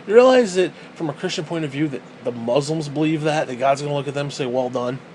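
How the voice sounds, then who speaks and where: A man's voice: fairly high pitch, expressive, fast talker, darkish tone, a little hiss or hum, low-quality recording. A man giving a heated, profane monologue as a vlogger, often repeating himself as he talks. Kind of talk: ranting monologue.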